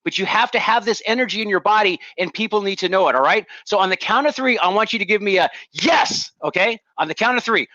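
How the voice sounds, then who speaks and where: A man giving an energetic motivational talk to leaders, coaching the audience through exercises. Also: sits high, quick pace, hardly any pauses, dry recording, muffled recording. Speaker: leadership speaker.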